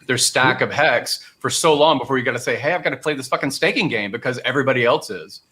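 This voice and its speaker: A man's voice: mid-range voice, fast talker, a loud crowd. A man talking casually and profanely on a group call, rambling through his points. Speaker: guest on a call.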